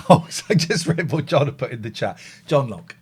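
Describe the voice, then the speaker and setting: A man hosting a live show, chatting casually in a playful, teasing way with sudden loud outbursts. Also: mid-range voice, big pitch swings, normal speed, slightly rough. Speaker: radio host.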